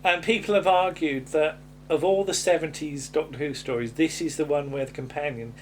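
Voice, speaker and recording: A man's voice: a little high, moderate pace, slight background noise. A man co-hosting a podcast, chatting casually about an old TV episode and musing aloud with many fillers and restarts. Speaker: podcast co-host.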